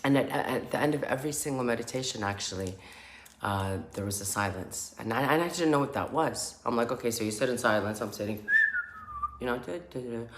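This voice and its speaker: A woman's voice: a bass voice, fast talker. A woman who works as a spiritual healer, telling a casual story to camera and acting out the sounds and laughter as she goes. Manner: animated, acts out sounds and laughter. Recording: echoey room with faint noise.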